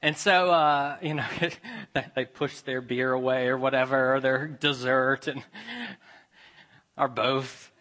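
Bright-voiced male pastor preaching. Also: medium pitch, slow pace. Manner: animated, switches between loud emphasis and hushed asides. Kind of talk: sermon with storytelling.

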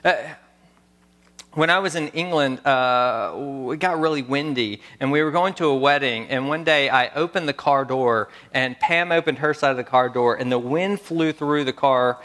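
A man in his thirties preaching a sermon, earnest and storytelling, pausing before key words. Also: mid-range voice, a bit bright. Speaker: pastor.

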